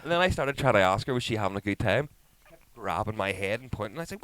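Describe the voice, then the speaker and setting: A man's voice: quick pace, no room sound, rough recording. A man in his thirties, a podcast co-host telling a story in casual chat, swearing freely and acting out what others said. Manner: animated storyteller, swears a lot, acts out quotes in high voices.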